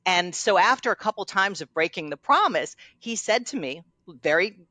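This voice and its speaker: A woman's voice: fairly low pitch, animated, moderate pace, pushed and bright, no echo. A middle-aged woman coach in a casual conversation, telling stories and acting out quoted lines with animation. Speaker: guest coach.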